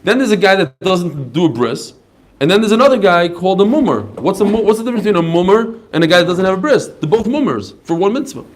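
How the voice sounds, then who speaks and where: A man giving a daily Talmud class, telling stories with quick asides. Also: high voice. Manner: animated storytelling, quick asides. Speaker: Talmud teacher. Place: study hall class.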